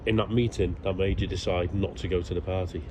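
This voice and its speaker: A man's voice: deep voice, fairly even intonation, fast talker, darkish tone. A man hosting a casual interview while walking outdoors, encouraging his guest and agreeing often. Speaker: interviewer and channel host. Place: outdoors in a hillside village, walking. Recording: outdoor recording with street noise.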